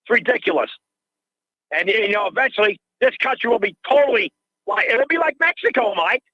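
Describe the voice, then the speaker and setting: A man's voice: very high-pitched, expressive, brisk, bright, forceful tone, no room sound. An older man calling in to a radio show, ranting in an agitated way and repeating himself, heard through dull lo-fi call audio. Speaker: caller.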